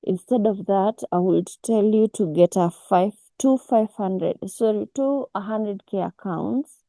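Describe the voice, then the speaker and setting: A woman, teaching a casual online forex class over a video call, unhurried and full of restarts. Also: medium pitch, mellow, no echo, poor audio. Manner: unhurried, with many restarts and fillers. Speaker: forex mentor.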